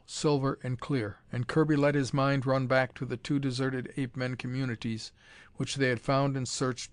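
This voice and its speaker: A man narrating an adventure audiobook in a measured, even storytelling manner on a close mic. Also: mid-range voice, dry recording. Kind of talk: scripted narration.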